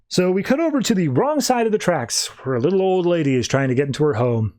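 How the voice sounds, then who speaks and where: A man with a fairly high voice recaps a comic book issue on a podcast in a loose, conversational way. He keeps slipping into short, playful character voices as he retells the scenes. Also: very animated, fast talker, hardly any pauses, darkish tone. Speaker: podcast co-host.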